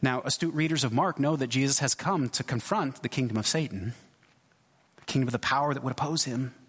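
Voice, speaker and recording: Husky-voiced pastor preaching in a reverberant hall. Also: male voice, mid-range voice, fairly bright tone. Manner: conversational, halting, many restarts and asides. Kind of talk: sermon.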